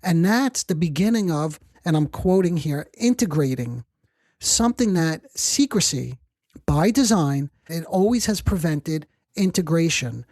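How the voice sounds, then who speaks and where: Measured clinical podcast speaker, dry sound. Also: mid-range voice, expressive, a little mellow, no echo. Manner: measured, clinical, often rephrases and quotes patients. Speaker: psychotherapist and podcast host. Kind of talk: explanatory podcast monologue.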